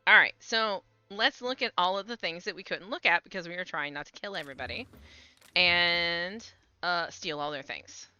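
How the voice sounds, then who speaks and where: A woman's voice: on the low side, moderate pace, bright, forceful tone, smooth, no room sound. A woman streamer giving casual commentary on her gameplay, chatting to her cats and reading the game's text aloud. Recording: slightly dull home stream mic with faint game music.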